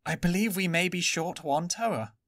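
A man's voice: high-pitched, moderate pace, a bit bright, dry recording, clean studio sound, voice pushed up. A man voicing an aloof male ice warrior who speaks dryly and precisely.

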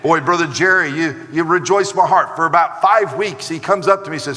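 A man with an American accent preaching a sermon as pastor, animated and acting out the voices of the people he describes. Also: high-pitched, brisk, hardly any pauses. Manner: animated preaching with acted asides. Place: church sanctuary. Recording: long hall reverb.

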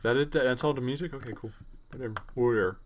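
A man's voice: mid-range voice, quick pace, a little hiss or hum. A man with a sore, tired voice giving casual gameplay commentary, rambling to himself and joking at his own expense. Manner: rambling, self-mocking, talks to himself. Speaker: let's play gamer.

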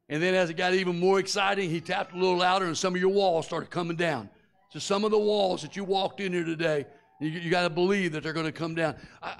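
This guest preacher is a middle-aged man whose voice sits on the high side and sounds creaky. In his sermon he shares a personal story, acting out the people's voices and screams.

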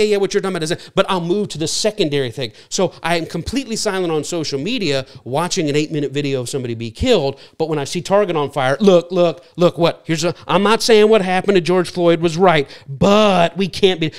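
A middle-aged man teaching from slides in an earnest, searching way. His voice sits a little high for a man, and he often slips into quick impressions of other people. He talks it through like a teacher explaining a point. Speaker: speaker teaching a series. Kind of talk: lecture-style talk with slides.

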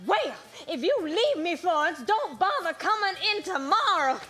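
A woman's voice: very high voice, very animated, moderate pace, bright, forceful tone, exaggerated voice. An actress playing a stern, exasperated working mother who scolds sharply, speaking on a theater stage. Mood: scolding. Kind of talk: stage play acting.

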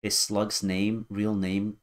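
A man in his thirties hosts a music reaction video, musing aloud and guessing as he goes in casual commentary. His voice is lowish, slow and flat in delivery.

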